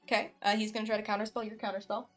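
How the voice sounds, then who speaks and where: A woman's voice: mid-range voice, flat delivery, rapid-fire, soft background music. A young woman narrating casually as game master of a tabletop game, with many fillers.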